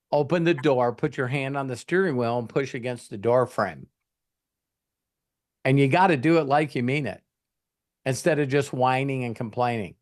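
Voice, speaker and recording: A man telling a motivational story as a host answering a member's question, animated, acting out bystanders' lines in quick voices. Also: medium pitch.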